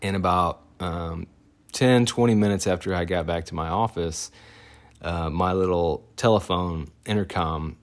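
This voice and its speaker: Low-voiced man telling a wry story. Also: a little slow. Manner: rambling, many fillers and self-corrections; wry, laughs at his own story. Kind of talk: casual personal storytelling.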